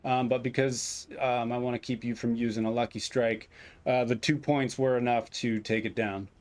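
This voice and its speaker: A man running a tabletop war game as game master, giving rulings at an unhurried, measured pace over an online call. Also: mid-range voice, fairly even intonation, a little mellow.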